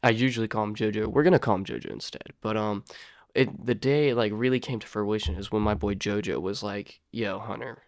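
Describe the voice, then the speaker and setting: A young man casually telling a personal story to his viewers, rambling and slangy, peppering his talk with "dude" and "bro" and swinging between loud and quiet. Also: lowish voice, animated, a little fast, no echo, clean studio sound.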